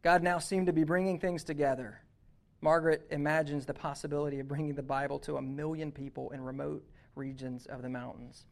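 A man preaching a sermon, telling a story that moves from hushed passages to loud, urgent ones. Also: fairly high pitch, fairly even intonation, brisk, creaky. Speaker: youth pastor.

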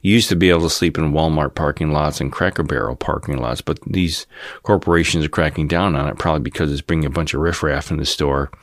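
Deep-voiced cynical man in his fifties. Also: fast talker, no echo, clean studio sound. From Cleveland, Ohio area. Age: 50s. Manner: cynical, rambling, mocks folksy TV voices. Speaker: channel host. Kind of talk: casual monologue rant.

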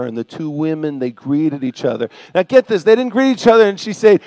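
Animated older male preacher, dry sound. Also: a little high, brisk, few pauses, no echo. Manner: animated, acts out biblical voices, swings from soft to loud. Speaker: pastor. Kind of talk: sermon.

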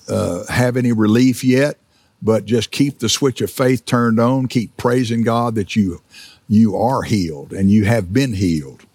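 A male preacher with a gravelly, husky voice delivers a storytelling sermon. He talks in a mid-pitched tone full of "uh"s and restarts, and now and then he acts out laughter. The sound is dry and close, with no room echo. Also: a little mellow. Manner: storytelling with many fillers and restarts; acts out laughter while telling stories. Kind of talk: sermon teaching.

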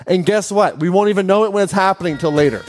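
A man hosting a podcast, speaking in an animated way to a live audience and putting questions to them. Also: high voice, fast, soft background music. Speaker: podcast host.

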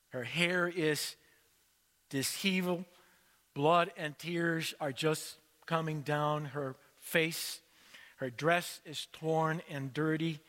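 Slow, bright-voiced male preacher. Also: on the high side, long reverb tail. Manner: slow, measured storytelling. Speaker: pastor. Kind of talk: sermon.

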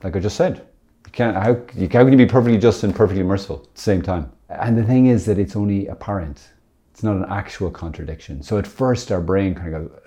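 Jokey low-voiced priest, man. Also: quick pace, dark tone. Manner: jokey, self-deprecating, chatty. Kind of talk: casual teaching talk.

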